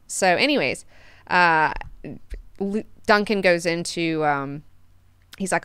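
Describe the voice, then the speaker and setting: A woman's voice: lowish voice, expressive, slow, pauses often, fairly bright tone, smooth, no room sound, studio quality. A woman hosting a casual book club, chatting profanely and with lots of energy, and retelling the characters' lines in slang.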